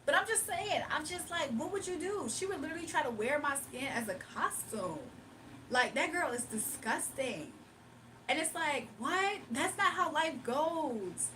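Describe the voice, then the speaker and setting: A woman with a high voice holds a loose, animated livestream chat. She talks in slang, drawls her words, mocks people and often breaks into laughter. Faint noise sits behind her. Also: measured pace, far from the mic.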